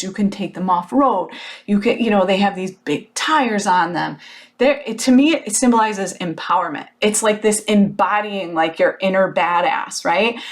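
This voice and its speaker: A woman in her thirties hosting a podcast, telling a personal story in a casual motivational monologue, animated and frank, with plenty of fillers and the odd swear word. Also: medium pitch. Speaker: podcast host.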